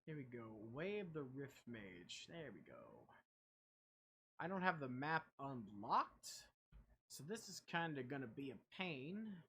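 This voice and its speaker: A man's voice: mid-range voice, very animated, measured pace, pushed and bright, slight background noise. A young man streaming a video game, rambling casually, swearing and chatting to his viewers. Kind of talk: casual gameplay commentary.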